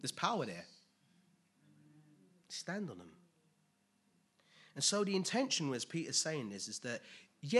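Husky, bright-voiced preacher. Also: male voice, a little high, wildly swooping pitch, unhurried, long pauses. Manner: conversational, swings between quiet asides and loud emphatic bursts. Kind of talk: sermon.

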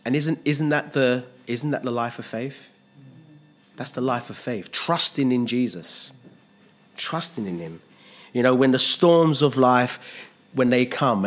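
A man's voice: medium pitch, unhurried, a bit bright. A man preaching a sermon as pastor, earnest and emphatic, repeating phrases and asking the congregation rhetorical questions.

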